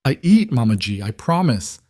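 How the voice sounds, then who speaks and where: A man voicing a calm, assured mafia boss with a dry, amused manner in an audiobook. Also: mid-range voice, moderate pace, no echo. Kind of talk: audiobook character voice.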